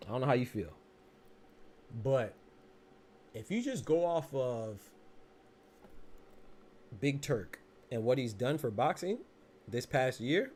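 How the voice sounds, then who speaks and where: A man in his thirties hosting a boxing podcast in loose, slangy chat. He tells long stories and breaks into laughter along the way. His voice sits in a middle range over a faint background hum. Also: medium pitch. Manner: animated, laughs through his story, slangy. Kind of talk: casual storytelling and live chat.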